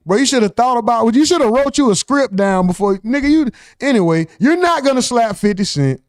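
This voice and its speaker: A host with a fairly high male voice riffs through casual reaction commentary, sounding animated and mocking. He talks fairly quickly with hardly any pauses. The recording is close and dry, with no room sound or echo.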